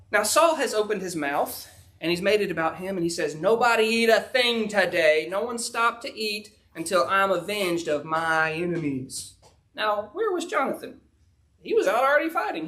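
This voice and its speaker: High-voiced preacher, folksy. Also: male voice, fairly bright tone. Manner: folksy storytelling with frequent fillers. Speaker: pastor. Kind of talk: sermon, retelling a Bible story.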